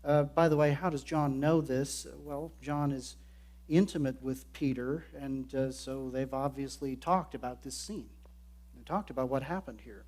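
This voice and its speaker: A pastor with a mid-range, somewhat dark voice preaches earnestly at a moderate pace. As he explains the passage, he slips into quoted voices and acts out the lines.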